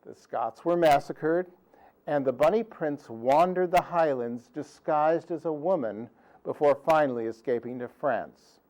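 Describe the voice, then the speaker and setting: A man giving a humorous history lecture with songs, delivering deadpan punchlines in a dry, pedantic way. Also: a little high, measured pace, low-quality recording. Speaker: performer of a musical history talk.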